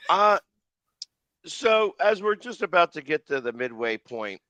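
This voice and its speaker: A man co-hosting a sports talk stream, teasing the others in a deadpan way and asking questions deliberately. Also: fairly high pitch, no room sound, highs cut off. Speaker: sports show co-host. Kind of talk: casual sports chat.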